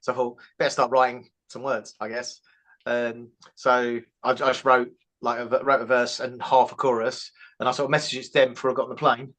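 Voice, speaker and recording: A man in a band, chatting casually in an interview, rambling with many restarts. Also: mid-range voice. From England. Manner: rambling, restarts, fast and flat. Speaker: band member, karaoke host.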